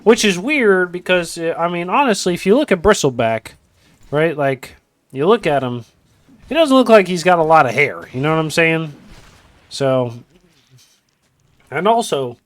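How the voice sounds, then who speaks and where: A man's voice: high voice, lively intonation, normal speed, no echo. A man casting a video game match in a casual, rambling way with joking asides. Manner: rambling, joking asides, lots of "you know". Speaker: esports caster.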